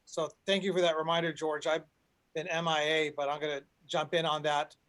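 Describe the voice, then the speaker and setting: A male panel host with a notably high voice, moderating an online discussion. He rambles and restarts his sentences often, heard over a video call. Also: level tone, fairly quick, a bit bright.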